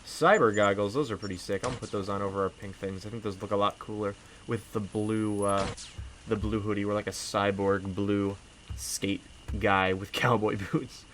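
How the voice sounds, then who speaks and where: Chatty man with a low voice. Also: steady tone, normal speed, a bit bright, a little hiss or hum. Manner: rambling, chatty, many fillers. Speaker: let's play host. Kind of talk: casual gameplay commentary.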